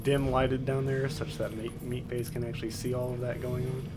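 A man's voice: mid-range voice, level tone, normal speed, heavy background noise. A man playing a tabletop game, laid-back and trailing off at the ends of lines. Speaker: player. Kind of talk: casual tabletop game chat.

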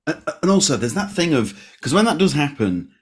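A man's voice: on the high side, very animated, a little fast, slightly rough. A man hosting a comedy podcast, chatting casually and rambling with frequent restarts.

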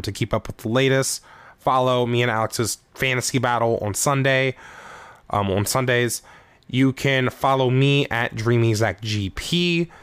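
A man co-hosting a podcast in casual, jokey chat, his voice jumping up when he gets excited. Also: smooth, dry recording. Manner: animated, jokey, pitch jumps up when excited. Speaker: podcast co-host.

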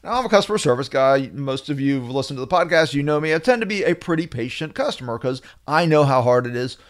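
A middle-aged man hosting a podcast, telling a story in a wry, animated way. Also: medium pitch, fast. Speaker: podcast host. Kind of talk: storytelling monologue.

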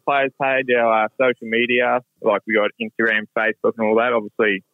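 Australian male caller, relaxed, hesitant, tinny phone line, dry sound. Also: mid-range voice, fairly quick, no room sound.

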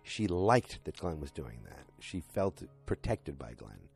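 A man with a deep, slightly husky voice casually recaps a TV episode, wandering through scenes and quoting characters with lots of "you know" and "like". Faint music sits underneath his talk. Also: very animated, unhurried. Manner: rambling retelling full of fillers and "he's like". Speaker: podcast host recapping a TV episode.

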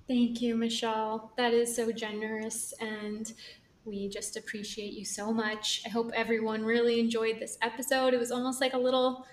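Higher-pitched woman host, set back from mic. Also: level tone, moderate pace, reverberant, distant mic, a little hiss or hum. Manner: warmly appreciative, emphatic, some repeated starts. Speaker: podcast host. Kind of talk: casual conversational interview.

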